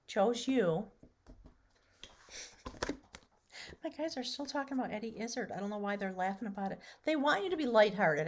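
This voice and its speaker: A woman doing a casual tarot and rune reading, chatty, sometimes dropping to a soft whisper. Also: on the high side. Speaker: tarot reader.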